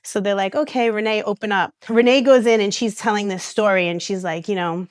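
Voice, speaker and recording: This is a woman, sitting at a podcast mic and recounting stories. She talks in a chatty, animated way, slipping into other people's voices with quick restarts. Her voice is smooth and clear, recorded close and dry. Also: mid-range voice, dry recording. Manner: animated storyteller who acts out quoted voices, with restarts and laughs. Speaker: reality TV star and guest. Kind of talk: casual storytelling interview.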